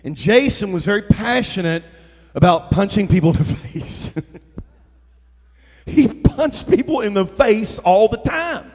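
A man's voice: sits high, unhurried. A middle-aged man preaching a sermon, telling stories with energy and calling out to the congregation for responses. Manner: energetic storytelling with call-and-response to the crowd. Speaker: pastor. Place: church sanctuary. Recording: echoey church hall.

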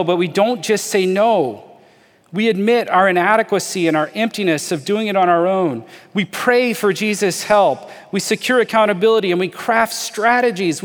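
Earnest high-voiced pastor in a reverberant hall. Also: male voice. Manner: earnest, invites listeners to imagine, stresses key phrases by slowing down. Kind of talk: sermon.

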